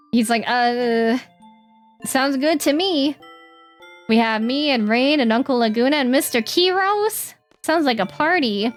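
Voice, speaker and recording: This woman's voice sits a little high as she casually talks through a game stream. She performs the lines aloud in fast, playful voices.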